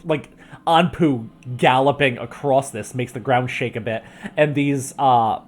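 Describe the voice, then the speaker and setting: Speaking unhurriedly in a mid-range voice, a man narrates a tabletop game as its game master. He rambles with many fillers and restarts, recorded at home on a microphone with a pop filter.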